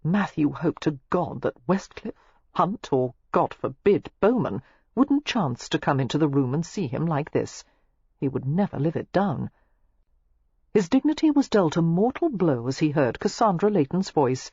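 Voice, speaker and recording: A woman narrating a romance audiobook in a steady, expressive storytelling manner. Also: low-pitched, normal speed, slightly rough, no echo, highs cut off.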